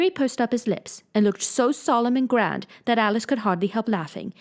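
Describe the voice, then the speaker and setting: A woman reads a children's classic aloud for an audiobook. her narration is gentle and even, and she keeps a steady, easy storytelling pace between the characters' lines. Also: medium pitch, fairly quick, few pauses.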